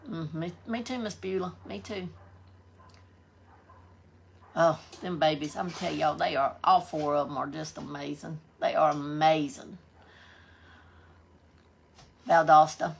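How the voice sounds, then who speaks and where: Southern woman, live-stream host, gravelly low voice, folksy chatter with viewers. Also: moderate pace, hardly any pauses, a little hiss or hum. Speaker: livestream host. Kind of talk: casual live-stream chat, reading out viewer comments.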